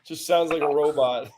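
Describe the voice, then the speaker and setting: A man's voice: fairly high pitch, a little mellow, a little hiss or hum. A man as a guest on a livestream, chatting casually and reading viewer comments, laughing often and joking.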